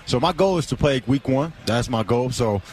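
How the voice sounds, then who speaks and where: A young man in a casual radio interview, relaxed and easygoing, dropping "man" into his sentences. His voice sits in a middle register, with a faint noise underneath. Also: medium pitch, moderate pace. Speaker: guest football player.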